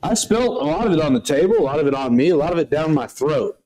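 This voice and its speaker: A man's voice: a little high, animated, fast, a loud crowd. A man co-hosting a casual livestream, bantering with a joking, self-deprecating manner. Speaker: livestream co-host.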